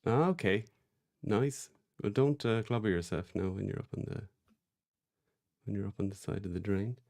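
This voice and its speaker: A man hosting a casual podcast livestream, chatty and relaxed, reading out names from the chat. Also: on the low side, moderate pace, creaky, dry recording, clean studio sound. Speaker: podcast host.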